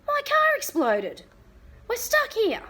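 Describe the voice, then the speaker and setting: A woman reading aloud and voicing a panicked, red-faced father in a shrill, strained voice. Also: huge pitch swings, takes it slowly, bright, forceful tone, heavily acted. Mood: frantic. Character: panicked middle-aged dad, frantic and red-faced.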